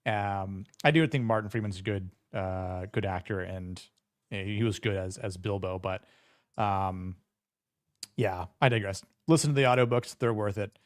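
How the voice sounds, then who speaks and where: A man's voice: on the low side, normal speed, no echo, clean studio sound. A man co-hosting a podcast in casual chat, rambling with many fillers and restarts. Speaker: podcast co-host.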